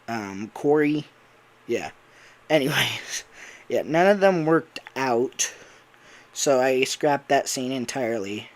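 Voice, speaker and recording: A young man and voice actor, casually telling a fan story idea, rambling with fillers and laughing at himself. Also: medium pitch. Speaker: voice actor and YouTuber.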